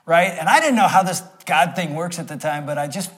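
Man, 60s, sermon storytelling, somewhat high voice, animated, loud then hushed. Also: fairly quick. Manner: animated, acts out the scenes with swings between loud and hushed.

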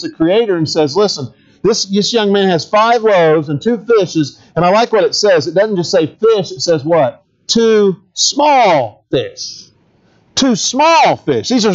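A man's voice: high voice, a little mellow, lo-fi sound. A middle-aged man, a pastor, preaching a conversational sermon, asking the congregation questions and adding humorous asides.

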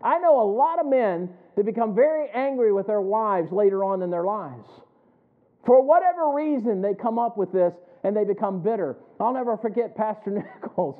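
High-voiced preaching man, phone-thin sound. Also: animated, moderate pace. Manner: preaching with rhetorical questions to the congregation. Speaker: pastor. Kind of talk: sermon. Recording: phone-like narrow band.

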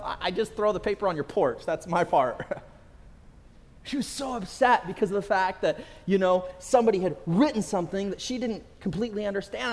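A middle-aged man from California, a pastor preaching a sermon, telling stories and repeating phrases for emphasis. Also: fairly high pitch. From California, USA. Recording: long reverb of a hall.

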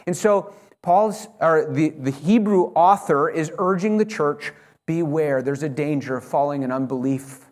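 A man with a rather high voice delivers a sermon as pastor. He speaks with urgent, emphatic conviction and often stops and restarts a phrase mid-thought. He exhorts his congregation directly. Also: slow. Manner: earnest, urging, emphatic; frequent self-corrections and restarts.

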